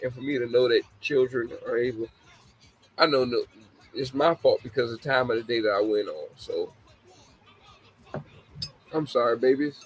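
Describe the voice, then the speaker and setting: A man's voice: medium pitch, fairly quick, slight background noise, rough recording. A man in his forties hosting a casual live talk show, laughing often and apologizing to young listeners he calls babies. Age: 40s. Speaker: show host.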